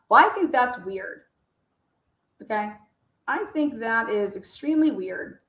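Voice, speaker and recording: A woman's voice: on the high side, lively intonation, measured pace, pauses often. A woman giving casual, blunt and profane commentary while reading out messages, often talking back to herself. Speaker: true-crime commentator. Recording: roomy echo.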